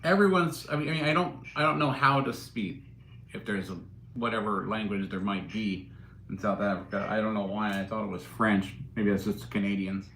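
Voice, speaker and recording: A man's voice: lowish voice, moderate pace, a bit bright, slight background noise. A man hosting a casual livestream, rambling and joking as he reads out and answers chat comments. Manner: joking, rambling, chuckling while reading chat. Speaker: livestream host. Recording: roomy echo.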